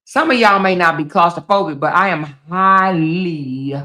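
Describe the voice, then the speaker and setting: Loud, profane woman live-stream host. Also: lowish voice, a little slow. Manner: loud, blunt and profane, laughing often. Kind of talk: casual live-stream chat reading comments.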